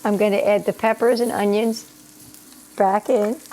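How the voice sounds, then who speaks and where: This middle-aged channel host speaks at a measured pace in a mid-range, dark-toned voice with fairly even intonation, slightly scratchy from allergies. She chats casually through her home cooking video, explaining each step as a pan sizzles in the kitchen behind her.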